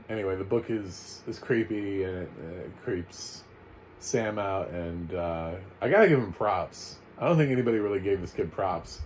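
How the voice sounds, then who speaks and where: An American man giving a casual, chatty spoken film review, full of animated asides and fillers. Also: fairly low pitch, slight background noise, rough recording. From United States. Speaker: movie reviewer.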